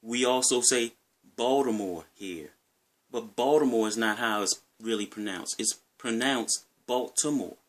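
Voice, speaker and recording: Man, Maryland accent, middle pitch; loose, rambling gaming vlogger, talks straight to camera. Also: steady tone, moderate pace, hardly any pauses, a bit bright. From Maryland, USA. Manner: rambling, conversational, repeats himself. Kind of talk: casual talk to camera.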